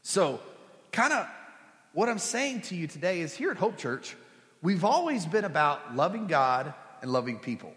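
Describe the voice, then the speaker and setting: A middle-aged man preaches in a church, telling a personal story in a chatty, joking way. His voice is bright and pushed, sitting a little high for a man. The room adds a long, ringing reverb. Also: very animated, normal speed. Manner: chatty, jokey, with put-on high squeals for quoted women. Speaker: pastor. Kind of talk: humorous sermon storytelling. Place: church sanctuary.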